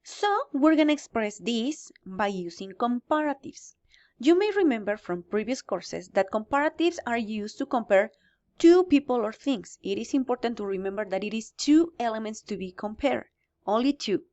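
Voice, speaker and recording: A woman's voice: fairly high pitch, expressive, normal speed, a little mellow, dull audio. A woman teaching English grammar in a recorded lesson, explaining step by step and answering her own questions.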